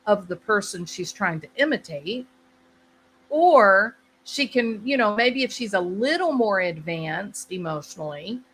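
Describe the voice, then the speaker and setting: A woman's voice: medium pitch, sharp tone, a little hiss or hum, poor audio. A woman hosting her channel, explaining a topic in casual conversation and often checking in with the listener. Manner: conversational, repeats herself, asks "right?". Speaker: channel host.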